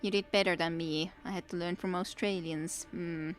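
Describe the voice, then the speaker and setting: A woman with a Finnish accent, streaming a game, reading its dialogue aloud in her own plain, measured voice and chatting with viewers. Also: on the low side, steady tone.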